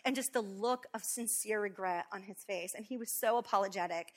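A woman co-hosting a talk show with her husband, telling a personal story in a lively, quick way with many fillers. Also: medium pitch. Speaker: co-host, wife. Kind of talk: storytelling in casual chat.

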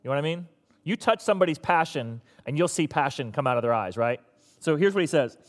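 High-voiced preacher in a reverberant hall. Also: male voice, animated, quick pace. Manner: conversational, teasing, exasperated. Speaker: pastor. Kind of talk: sermon.

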